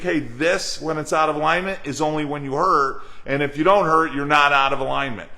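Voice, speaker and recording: A man's voice: fairly high pitch, fairly quick, few pauses, bright, forceful tone. A man, a chiropractic coach, gives an earnest motivational talk to colleagues, asking rhetorical questions and acting out patient and dentist dialogue. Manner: acts out dialogue in an everyday voice.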